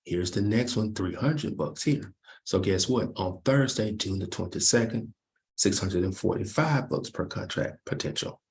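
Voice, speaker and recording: Deep gravelly man teaching trades. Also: normal speed. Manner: rhetorical questions answered himself, repetitive. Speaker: trading instructor. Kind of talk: screen-share market recap lesson.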